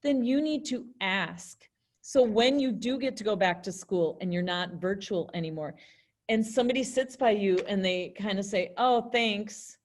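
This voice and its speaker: A woman's voice: medium pitch, animated, moderate pace, darkish tone. A young woman teaching an online class in a chatty way, acting out example phrases in different tones. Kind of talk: virtual classroom lesson.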